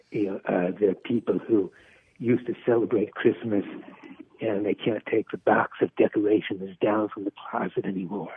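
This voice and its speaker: Male radio caller, halting, emotional, low husky voice, tinny phone line. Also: no echo. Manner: emotional, halting, many fillers. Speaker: caller, criminal defense attorney. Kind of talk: call-in radio conversation.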